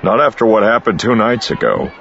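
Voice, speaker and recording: A man voicing a blunt, gruff male smuggler who answers in terse, growling comebacks. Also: on the low side, lively intonation, brisk, a bit bright, highs cut off, a little hiss or hum, pitched above the performer's own voice. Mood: guarded.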